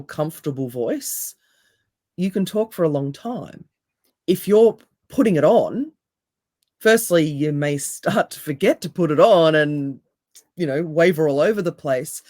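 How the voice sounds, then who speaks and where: A woman with a deep voice, a hypnotherapist and coach speaking as a podcast guest with calm, emphatic, repeated phrases. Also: unhurried, dry recording, clean studio sound.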